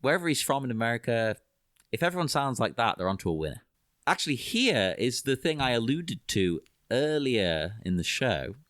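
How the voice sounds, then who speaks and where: A man co-hosting a podcast, talking enthusiastically about a film. His pitch swings widely as he speaks. The sound is dry and close, with no room around it. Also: big pitch swings, normal speed, fairly bright tone, dry recording. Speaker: podcast co-host. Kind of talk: casual film commentary chat.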